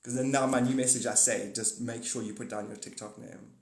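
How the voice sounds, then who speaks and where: A man's voice: mid-range voice, fairly even intonation, fairly quick. Man chatting on a roomy live stream. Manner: rambling, jokey, swears and self-corrects. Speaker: live streamer and paid reader. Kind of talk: casual live-stream chat. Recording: roomy echo.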